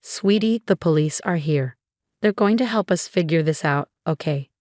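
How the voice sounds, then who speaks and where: Woman reading as a kind waitress, soft and soothing, a bit low, dry sound. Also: normal speed, no echo, close to an everyday voice. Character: kind middle-aged woman diner waitress.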